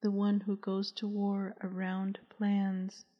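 A grown son speaks in a hoarse, choked whisper, barely holding back sobs, as a woman narrator puts him on. The voice is husky, slow and low in energy. It sits in a dull, echoey audiobook recording. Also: monotone. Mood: choked, hushed. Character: grown son, returned captive, choked with tears.

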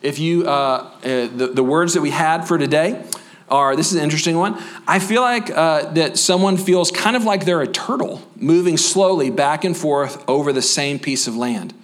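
A high-pitched man preaches to his church with lively, fired-up energy and playful asides. Toward the end he settles into a softer, slower voice to pray. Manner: energetic, animated preaching with quick asides and humor; drops to a soft, slow voice for closing prayer. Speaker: pastor. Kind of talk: sermon. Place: church sanctuary.

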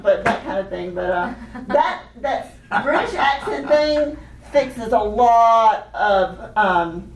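A woman leading a hands-on children's music workshop, animated and laughing often as she teaches chanted rhythms. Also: on the high side, slow, slight background noise. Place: workshop room with participants. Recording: echoey room, voice from a distance.

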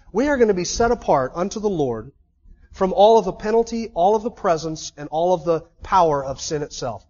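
High-voiced man preaching a sermon. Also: dull audio. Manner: emphatic preaching with repeated lists. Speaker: pastor.

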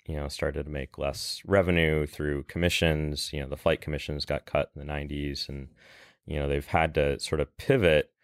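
Deep-voiced guy rambling easy on a podcast, lots of "you know", super low voice, clean and resonant. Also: moderate pace, smooth, no echo, studio quality. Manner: relaxed, many fillers like "you know" and "um". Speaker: guest, travel industry veteran. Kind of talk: casual podcast chat.

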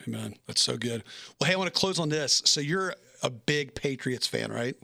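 Bright, enthusiastic host from Nashville. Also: male voice, medium pitch, lively intonation, moderate pace, gravelly, no echo, clean studio sound. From Nashville, Tennessee. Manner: enthusiastic, storytelling. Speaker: podcast host. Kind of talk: casual interview talk.

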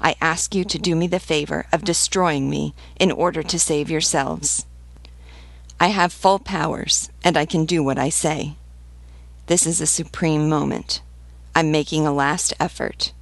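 Solemn pleading priest, read by a woman, slow measured speech, gravelly edge, dry close sound, storybook reading. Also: deep voice, steady tone, dry recording, exaggerated voice. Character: stern male revolutionary priest pleading.

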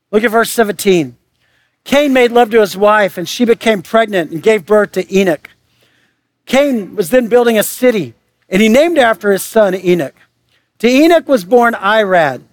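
A man preaching a sermon as pastor, lively and animated, acting out characters and firing rhetorical questions. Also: high voice. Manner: animated, acts out biblical voices with rhetorical questions.

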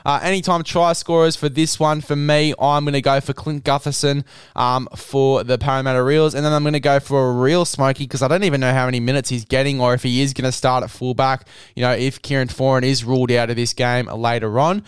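A man's voice: mid-range voice, level tone, a little fast, smooth, no echo. An Australian man hosting a casual rugby league tipping chat, blokey and matey. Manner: matey, blokey, says mate a lot.

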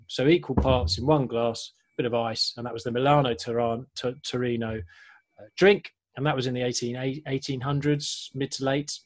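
A man co-hosting a casual online talk show about cocktails, chatty and jokey as he explains a drink's history. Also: medium pitch. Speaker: podcast co-host.

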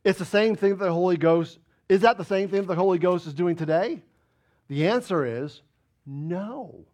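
A man preaching a sermon as pastor, firing rhetorical questions at the congregation and swinging between loud emphatic bursts and low quiet asides. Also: moderate pace.

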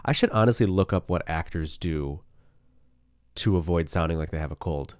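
A man's voice: low voice, normal speed, a little mellow, clear, resonant tone, no echo, clean studio sound. A man hosting a casual solo podcast, rambling and self-deprecating, with a groggy morning voice and a cold. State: low morning voice; has a cold. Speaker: podcast host.

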